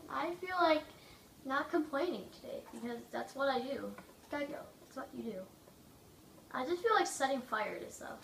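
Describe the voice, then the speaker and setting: A woman giving casual, rambling gameplay commentary, joking and mocking herself, her throat a little rough from coughing. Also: high voice, expressive, normal speed, fairly bright tone, far from the mic. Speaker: gaming video maker. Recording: echoey room, away from mic, faint noise.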